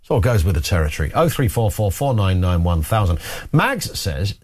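A man's voice: sits low, moderate pace. A man hosting a phone-in radio talk show, chatting and telling jokey stories. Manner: chatty, jokey, lively storytelling.

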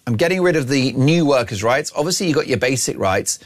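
Man, radio host, brash, mocking, boastful banter, animated pitch, opinion monologue. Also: brisk. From Ireland.

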